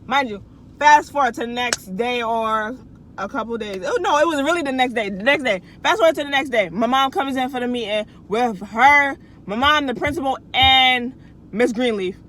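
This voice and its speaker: High-voiced young woman telling a story. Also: moderate pace, fairly bright tone, poor audio. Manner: chatty slangy storytelling, restarts and asides to viewers. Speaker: vlogger. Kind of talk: casual storytime.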